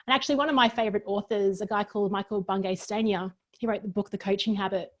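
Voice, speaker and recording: A woman who runs workshops, a guest on a chat show, telling stories earnestly in quick bursts. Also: mid-range voice. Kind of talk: casual interview chat.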